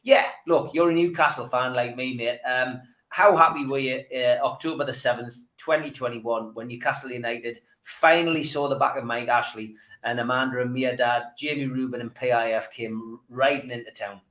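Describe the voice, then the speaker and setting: A man's voice: mid-range voice, steady tone, normal speed, hardly any pauses, a bit bright. A man hosting a casual interview, bantering in a chatty, matey way. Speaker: host. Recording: roomy echo.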